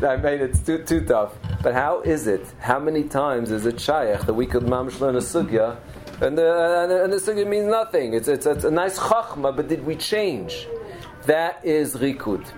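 A man's voice: medium pitch, expressive, moderate pace, darkish tone, faint music behind, low-quality recording. A middle-aged man giving a Torah lecture as a teacher, telling stories earnestly and mixing Hebrew and Yiddish terms into his English.

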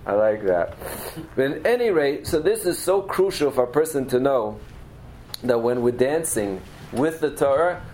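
A man's voice: on the high side, lively intonation, moderate pace, a little mellow, slight background noise, poor audio. A middle-aged man giving a Torah lecture as a teacher, telling stories earnestly and mixing Hebrew and Yiddish terms into his English.

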